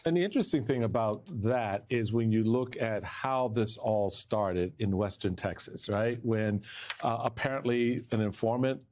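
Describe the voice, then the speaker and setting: A man's voice: lowish voice, moderate pace, a little mellow. A man on a political panel, explaining events casually with many fillers. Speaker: panel commentator.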